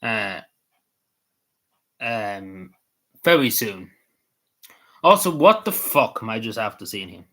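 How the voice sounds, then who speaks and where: A man's voice: lowish voice, sing-song, slow pace, long pauses, bright, forceful tone. A man with an Irish accent giving casual, meandering commentary as a vlogger, swearing freely and padding his talk with fillers.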